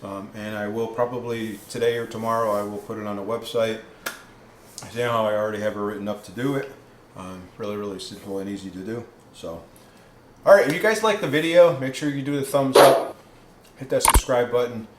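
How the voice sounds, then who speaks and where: A man's voice: mid-range voice, roomy sound, background noise. A man hosting a casual cooking vlog, rambling with many ums and restarts, sometimes talking while tasting food. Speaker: keto cooking vlogger.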